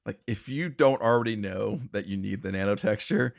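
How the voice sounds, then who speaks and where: A man's voice: fairly low pitch, moderate pace, vocal fry. A man co-hosting a podcast, rambling in casual chat, restarting sentences and laughing often. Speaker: podcast co-host.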